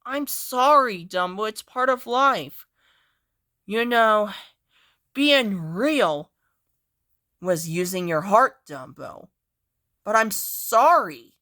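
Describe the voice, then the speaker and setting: A pleading little wooden puppet boy, put on by a woman, full of fibs and excuses. His voice is high and bright, and he drags out his words slowly in a lilting sing-song. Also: heavily acted. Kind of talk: amateur character voice play.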